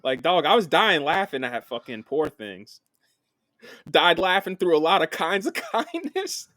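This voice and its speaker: Animated, laughing man chatting about films. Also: on the high side, measured pace, no room sound. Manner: animated, laughs often, profane. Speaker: podcast co-host. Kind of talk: casual film chat.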